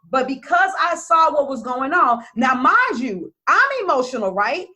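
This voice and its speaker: A woman's voice: high-pitched, sharp tone. A woman business coach talking casually to her followers, blunt and emphatic, swearing freely.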